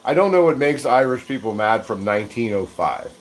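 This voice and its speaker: A man's voice: mid-range voice, animated, brisk, poor audio. An American man hosting a live cooking stream, chatting casually and self-deprecatingly, often chuckling as he rambles. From United States. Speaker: livestream cooking host. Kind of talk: casual livestream chat while cooking.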